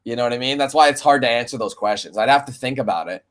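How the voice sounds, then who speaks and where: A man's voice: mid-range voice, fast talker, a bit bright. Laid-back Canadian streamer guy. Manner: laid-back and profane, calls viewers man and bro. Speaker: gaming streamer answering viewer questions. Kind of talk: casual live-stream Q&A.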